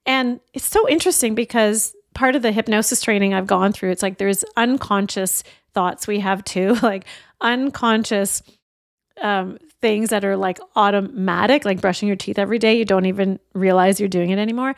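A woman's voice: mid-range voice, moderate pace, dry recording. Earnest middle-aged woman coach, dry sound. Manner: earnest and openhearted, shares personal stories. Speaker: life coach and podcast host. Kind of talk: reflective motivational talk.

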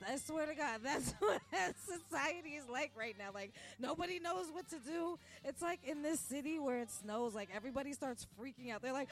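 A woman's voice: high voice, animated, normal speed. A woman hosting a podcast in a casual, rambling rant, recorded in a restaurant where she works. She acts out quoted voices and laughs often. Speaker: podcast host. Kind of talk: casual ranting monologue. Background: faint music.

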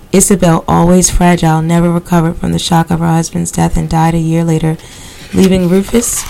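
A woman podcast host reading a novel aloud at a steady pace, breaking off now and then for casual asides. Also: on the low side, creaky, poor audio. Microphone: computer recording software.

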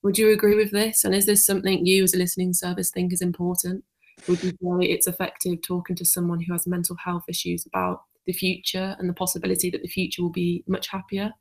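Low creaky Yorkshire woman interviewing. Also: monotone, darkish tone. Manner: measured, asks long careful questions. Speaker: podcast host. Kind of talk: podcast interview.

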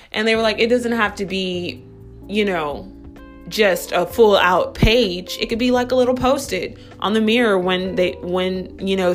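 A woman hosting a podcast who gives relationship advice in a chatty, bubbly way, full of asides. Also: mid-range voice. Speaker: podcast host. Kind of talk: casual relationship advice chat.

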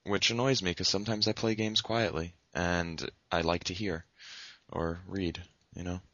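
Deep-voiced male podcast co-host. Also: level tone, moderate pace, pushed and bright, dry recording, lo-fi sound. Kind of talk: casual chat.

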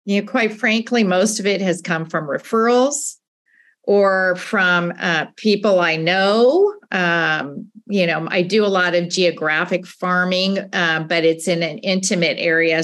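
A woman's voice: on the low side, a bit bright. Cheerful woman real estate agent. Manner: cheerful, quick to laugh. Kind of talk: casual chat.

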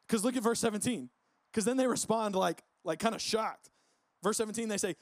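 A man preaching a casual, conversational sermon, relaxed and full of filler words. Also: high voice, brisk, no room sound. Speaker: pastor. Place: church service.

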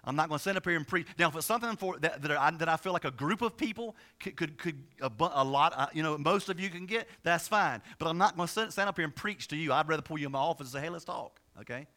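A man preaching a sermon as pastor, talking in a quick, conversational way with many restarts, jokes and asides. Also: on the high side, expressive, pushed and bright.

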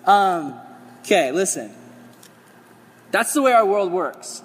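High-voiced man preaching in a big hall. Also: slow pace, slightly rough. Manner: energetic, conversational preaching with playful asides. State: losing his voice. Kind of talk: sermon.

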